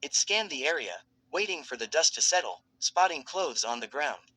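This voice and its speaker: A man narrating a fan fiction story in a steady, dramatic storytelling manner. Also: on the high side, normal speed, no echo, low-quality recording.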